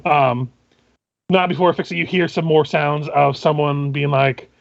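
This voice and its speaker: A man serving as game master who narrates a tabletop game, describing scenes in a halting, methodical way. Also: on the high side, steady tone, creaky, no room sound, lo-fi sound.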